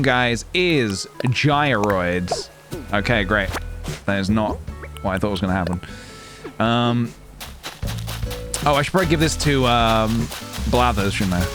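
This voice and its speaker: A man streaming a game and chatting casually, rambling with many pauses and restarts. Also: medium pitch. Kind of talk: casual gameplay stream chat. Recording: game music playing behind.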